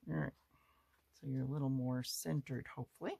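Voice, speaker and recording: Chatty crafter with a gravelly voice. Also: mid-range voice, fairly even intonation, fairly quick, pauses often, dark tone, a little hiss or hum. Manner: chatty, thinks aloud, addresses viewers directly. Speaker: craft channel host. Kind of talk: casual crafting show-and-tell vlog. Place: home craft studio.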